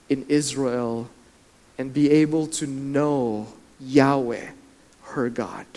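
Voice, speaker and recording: A man preaching a sermon. He asks the listeners questions, swings between loud and soft for emphasis and acts out the voices of biblical figures. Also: high voice.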